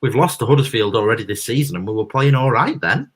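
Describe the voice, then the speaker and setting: A man's voice: mid-range voice, animated, fast, husky. A man co-hosting a live football watchalong, bluntly pessimistic about his team's chances. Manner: gloomy and blunt. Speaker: football fan co-host. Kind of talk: casual live watchalong chat.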